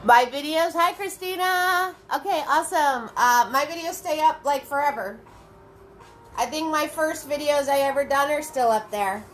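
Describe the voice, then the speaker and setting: A woman leads a livestreamed paint party, talking slowly and greeting each viewer by name. Her voice is bright and a little high. Soft music plays behind her. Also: low-quality recording.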